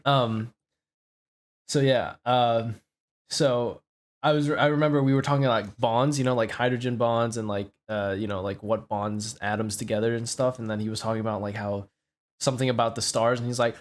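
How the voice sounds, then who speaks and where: A man's voice: mid-range voice, fairly even intonation, normal speed. A young man hosting a podcast, telling a story in a casual, rambling way, full of filler words and swearing. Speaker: podcast host.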